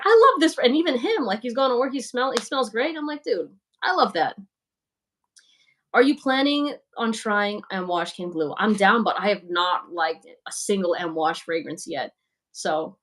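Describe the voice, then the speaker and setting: A young woman hosting a fragrance livestream, chatting candidly with viewers, reading comments and acting out quoted voices. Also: on the low side. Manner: candid, talkative, quick asides and animated quoted voices. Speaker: fragrance channel host on a livestream.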